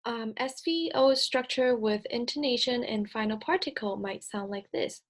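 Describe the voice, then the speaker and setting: A woman's voice: fairly high pitch, moderate pace. A young adult woman presenting a recorded slide lecture, explaining step by step with frequent ums and self-corrections. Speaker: speech-language presenter.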